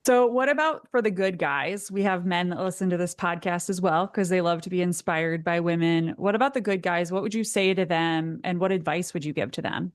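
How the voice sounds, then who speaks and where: A woman's voice: fairly low pitch, fairly quick, few pauses, no echo, studio quality. A woman hosting a podcast, asking her guest questions in an appreciative manner. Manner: appreciative, thanks the guest at length. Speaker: podcast host. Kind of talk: interview questions.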